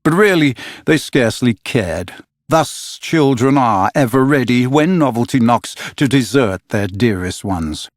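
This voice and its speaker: A man reading a storybook aloud in measured, expressive narration. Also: mid-range voice, no room sound, studio quality. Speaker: audiobook narrator. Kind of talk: scripted narration.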